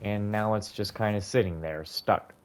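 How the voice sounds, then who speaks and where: A man's voice: on the low side, normal speed, a little mellow, a little hiss or hum. A man giving casual, rambling commentary while playing a video game. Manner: rambling, complaining. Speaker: gaming streamer.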